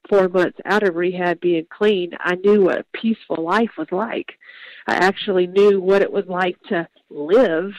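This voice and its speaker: A woman's voice: on the low side, no room sound, dull audio. Earnest young woman, dry sound. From Georgia, US. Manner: earnest, halting with fillers and restarts. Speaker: guest telling her testimony. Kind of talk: personal testimony.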